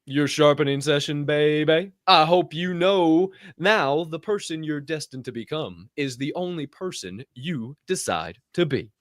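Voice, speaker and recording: A young man hosting a casual podcast, telling stories with swearing and sudden shouted bursts. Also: fairly high pitch, measured pace, hardly any pauses, no room sound, studio quality. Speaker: podcast host.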